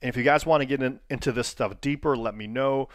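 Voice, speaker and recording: A man of middle pitch leads an online training lesson, asking his viewers question after question. He coaches in a plain, direct way. The recording is dry and close. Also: fast talker, dry recording. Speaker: wrestling coach.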